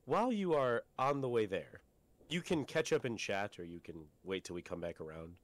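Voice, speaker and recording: A man narrating as game master of a tabletop role-playing game, calm and measured. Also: medium pitch, dry recording.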